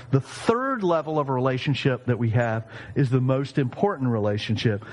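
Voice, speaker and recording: A man in his fifties preaching a sermon, animated and jokey, acting out quoted voices. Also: medium pitch, big-room sound. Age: 50s. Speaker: pastor.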